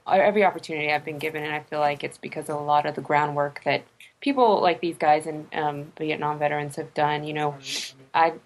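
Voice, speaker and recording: A woman's voice: sits low, steady tone, brisk, low-quality recording. A young woman, a veteran guest on a radio show, grateful and emotional. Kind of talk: radio interview talk.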